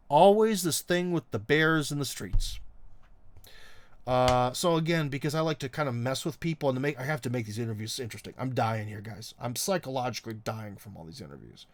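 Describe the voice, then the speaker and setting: A man's voice: mid-range voice, lively intonation, moderate pace. A middle-aged man hosting a live stream, chatting casually and reading viewer comments in a rambling, wry way, full of ums and uhs. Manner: wry, teasing.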